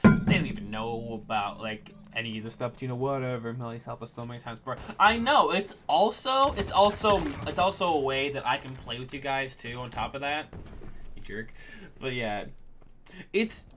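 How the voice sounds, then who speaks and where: A man's voice: mid-range voice, fairly quick, slight background noise. A man streaming a game and chatting casually about running a tabletop campaign, rambling with lots of fillers and restarts. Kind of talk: casual chat while gaming.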